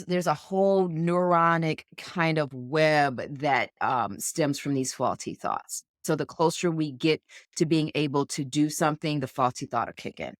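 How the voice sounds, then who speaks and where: A woman's voice: deep voice, no echo, studio quality. A woman co-hosting a sports podcast, talking in an earnest, encouraging, coach-like way. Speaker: podcast co-host. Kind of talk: casual podcast chat. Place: indoors, podcast recording.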